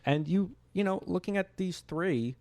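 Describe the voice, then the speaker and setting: A man's voice: sits high, normal speed, darkish tone, no room sound. A man co-hosting a podcast, in casual film chat. He is enthusiastic and rambling, restarting his sentences often. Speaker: podcast co-host.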